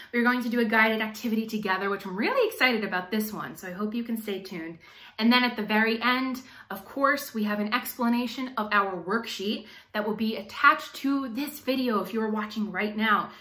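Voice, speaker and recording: A young woman teaching artist hosts a children's storytime, speaking directly and cheerfully to the kids. Her voice is high, bright and lively in pitch. The sound carries a roomy echo. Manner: upbeat, addresses children directly. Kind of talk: children's storytime and activity lesson.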